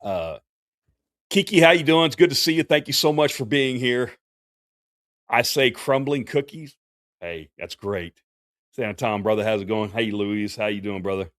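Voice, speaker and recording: A man's voice: medium pitch, normal speed, pauses often, fairly bright tone, no room sound, clean studio sound. A man, a professional Santa performer hosting a casual livestream Q&A, talking in a folksy, chatty way with many fillers and restarts.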